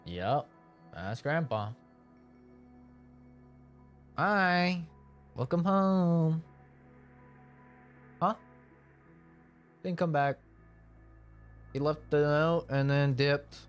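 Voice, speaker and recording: A man's voice: fairly high pitch, expressive, takes it slowly, pauses often, faint music behind. A young man streaming a video game, telling stories in a laughing, sarcastic, casual way. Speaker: livestream gamer.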